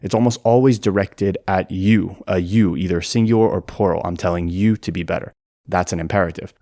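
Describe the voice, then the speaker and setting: A man narrating an educational video and explaining things clearly and methodically. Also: sits low, steady tone, a little fast, mellow, no echo, studio quality. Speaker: language explainer.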